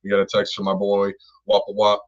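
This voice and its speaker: A man's voice: fairly low pitch, completely flat delivery, a little fast. A man co-hosting a casual live stream, talking enthusiastically, rambling and thanking viewers by name. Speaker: co-host. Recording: dull lo-fi stream audio.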